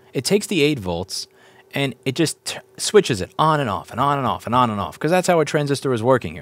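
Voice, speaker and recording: A man teaching board repair in a casual walkthrough, explaining step by step, repeating points and asking viewers questions as he goes. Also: medium pitch.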